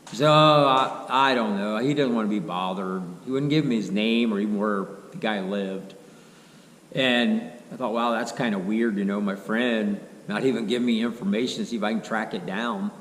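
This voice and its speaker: A man's voice: on the low side, normal speed, fairly bright tone. Folksy man telling a car story. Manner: rambling, folksy, quotes others in dialogue. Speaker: car restoration vlogger. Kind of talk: casual storytelling to camera. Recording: roomy echo, faint background hum.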